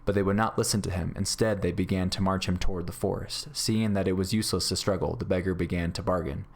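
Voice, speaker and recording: A male teacher reads a classic adventure story aloud to his class. His voice is low, and his reading is steady and clear. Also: quick pace. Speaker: grade school teacher.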